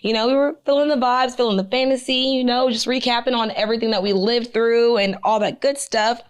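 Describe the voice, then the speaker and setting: A young woman with a slightly high voice tells a long story on a chat podcast. She talks in an animated, profane way and keeps saying "like." Her voice is a little higher than most women's. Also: brisk, clean tone. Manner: animated, profane, lots of "like" and "I'm like". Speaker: podcast co-host.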